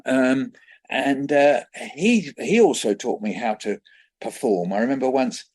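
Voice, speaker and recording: A man in his seventies from England, a children's poet guest telling lively anecdotes in an interview and acting out the voices in them. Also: mid-range voice, a little slow, slightly rough. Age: 70s. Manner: lively anecdotal storyteller who acts out voices. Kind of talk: conversational storytelling interview.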